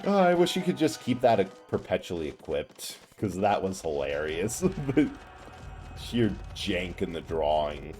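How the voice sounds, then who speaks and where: A man with a fairly low voice that swings up and down, rambling through live gameplay commentary. He is chatty and quick to laugh, with game music playing faintly behind him. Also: big pitch swings, a little mellow. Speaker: streamer.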